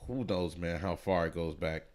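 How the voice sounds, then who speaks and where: Man, late 30s, podcast guest, lowish voice, easygoing and laid-back, muses aloud. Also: moderate pace. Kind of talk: casual conversation.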